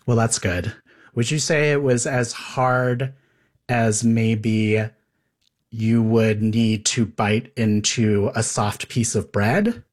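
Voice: medium pitch, fairly even intonation, slow pace. A host interviewing a guest, asking curious, probing follow-up questions in a conversational way.

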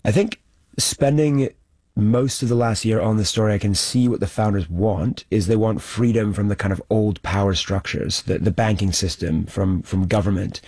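A man with a lowish voice talks through his documentary reporting. He speaks in a measured, explanatory way and uses occasional fillers, like a journalist answering questions on a panel. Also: a little mellow.

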